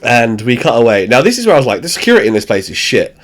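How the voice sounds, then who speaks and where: A man hosting a podcast, recapping a sitcom in animated storytelling, swearing freely, laughing often and acting out the characters. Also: medium pitch, rapid-fire. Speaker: podcast host. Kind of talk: casual chat recapping a show.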